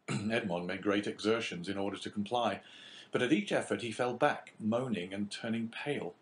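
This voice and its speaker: Low-voiced man reading a classic novel. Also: slight background noise. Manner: measured, even reading. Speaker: narrator. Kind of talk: classic novel audiobook narration.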